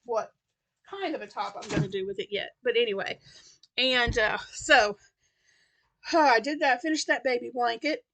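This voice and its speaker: Woman, crochet vlogger, tired, rambling chat, bright tone, slightly high voice. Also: normal speed, pauses often. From Tennessee. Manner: rambling, many fillers and restarts. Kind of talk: casual chat.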